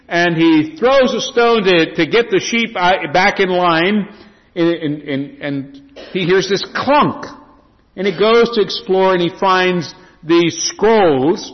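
A man preaching a sermon as a pastor, swinging his emphasis up and down as he reads and explains scripture. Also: high-pitched. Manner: preaching with lively rising and falling emphasis. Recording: dull lo-fi sound in a reverberant hall.

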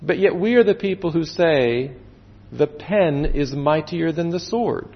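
Man, pastor, sermon, earnest, drawn-out emphasis, lively pitch, dull recording with long hall echo. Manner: earnest, with slow drawn-out emphasis and sudden drops to quiet. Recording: dull echoey hall sound.

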